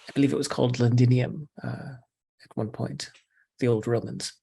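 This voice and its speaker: Brief: man voicing a hesitant, polite hunter, gravelly and husky, stumbling over words. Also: mid-range voice, fairly even intonation, warm tone. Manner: halting, with many "uh"s and restarts. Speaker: player. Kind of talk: in-character tabletop role-play.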